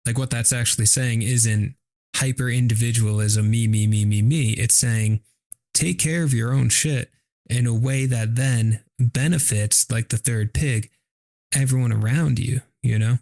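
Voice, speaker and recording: Podcast co-host, man, low gravelly voice, dry close sound, thoughtful loose delivery. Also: steady tone, a little slow, a little mellow, no room sound. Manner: thoughtful, loose, lots of "like" and "you know". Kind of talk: casual philosophical chat.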